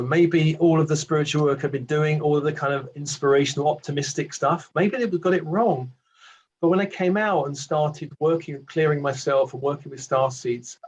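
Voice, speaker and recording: A British man in his sixties, a reflective guest telling his story with gentle self-deprecating asides. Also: medium pitch, slight background noise. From Britain. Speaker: award recipient guest. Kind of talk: reflective casual conversation. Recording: dull muffled lo-fi audio.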